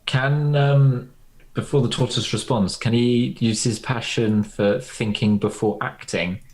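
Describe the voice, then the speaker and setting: A man playing a tabletop game, speaking in a halting way with many fillers. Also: medium pitch, fairly even intonation, a little mellow. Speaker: player.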